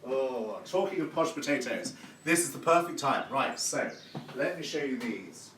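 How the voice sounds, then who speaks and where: During a live cooking demonstration in his home kitchen, a man chats effusively and heaps on praise. His mid-range voice is a bit bright, with lively intonation and a moderate pace. A distant mic captures an echoey room and background noise.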